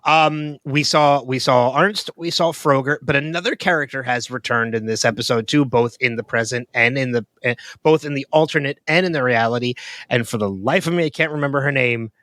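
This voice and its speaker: A man's voice: mid-range voice, a little fast, a bit bright, no room sound. A man co-hosting a podcast, chatting casually and thinking aloud with frequent ums and restarts. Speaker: podcast co-host. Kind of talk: casual chat.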